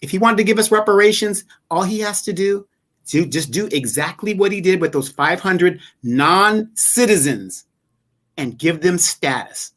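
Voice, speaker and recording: A man's voice: high-pitched, expressive, normal speed, a bit bright. A man hosting a casual political talk show, making emphatic, argumentative points. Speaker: political commentary host.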